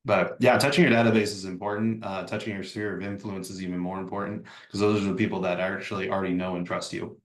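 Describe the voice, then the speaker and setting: A man's voice: deep voice, fairly even intonation, fast, few pauses, echoey room. A man leading a real estate training session over a video call, talking casually and acting out sample phone messages. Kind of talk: live online training session.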